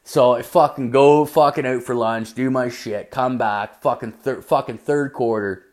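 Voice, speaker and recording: A man's voice: mid-range voice, fairly even intonation, a little slow, a little mellow. A young man telling a rambling work story in a casual rant, swearing constantly and leaning on "like".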